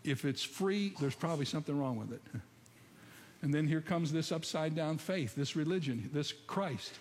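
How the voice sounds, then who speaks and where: A man's voice: a little high, expressive, normal speed, a little mellow. A man preaching a sermon and telling stories, often putting questions to his congregation. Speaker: pastor. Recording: long hall reverb, faint ambience.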